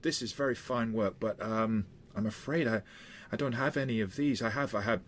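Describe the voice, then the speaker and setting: A man's voice: lowish voice, moderate pace, a little hiss or hum, pitched above the performer's own voice, natural voice. A man voicing a small woman who sells insects, pushing her wares with a Peruvian accent. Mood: eager. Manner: pushy, chatty sales patter. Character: small female insect seller, eager saleswoman.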